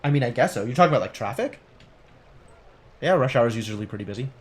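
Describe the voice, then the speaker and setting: A man's voice: medium pitch, lively intonation, fast. A male game streamer reading a text game aloud and thinking through it, playful and wry, with casual commentary.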